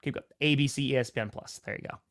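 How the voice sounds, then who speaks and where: A man's voice: medium pitch, steady tone, rapid-fire, fairly bright tone. An upbeat man co-hosting a casual sports podcast, bantering and joking. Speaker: podcast co-host.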